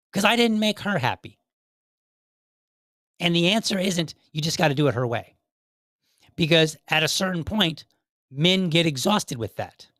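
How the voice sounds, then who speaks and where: A man's voice: on the high side, fairly bright tone, no echo. Chatty male podcast host, dry sound. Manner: rambling, chatty, many restarts. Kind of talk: casual solo podcast commentary.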